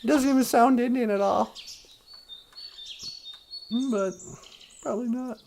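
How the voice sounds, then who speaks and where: A man's voice: very high voice, unhurried, vocal fry, background noise. A man hosting a podcast, rambling through a goofy comic story with playful silly asides. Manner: goofy, playful, doing silly voices and sound effects. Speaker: podcast host.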